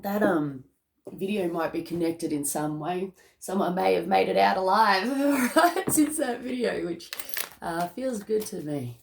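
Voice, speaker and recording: An Australian woman giving a casual tarot reading, chatty and excitable, laughing often between thoughts. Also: medium pitch, moderate pace, creaky, slight background noise. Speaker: tarot reader.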